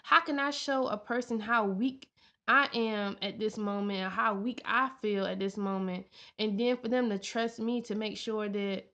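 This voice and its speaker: A woman's voice: medium pitch, steady tone, unhurried, fairly bright tone. A young woman vlogging in an earnest, heartfelt way, repeating her lines for emphasis. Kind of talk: personal vlog talk. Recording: dull lo-fi sound.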